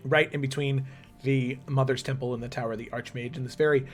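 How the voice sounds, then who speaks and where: A man's voice: mid-range voice, fairly even intonation, quick pace, soft background music. A man narrating as game master in a tabletop game, casual and full of fillers. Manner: casual, with many fillers and restarts.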